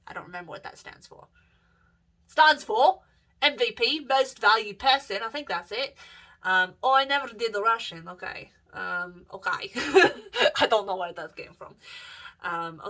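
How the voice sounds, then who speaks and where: A woman's voice: mid-range voice, bright, forceful tone. A young woman vlogging in a casual, rambling monologue, swearing freely and trailing off with fillers and self-corrections.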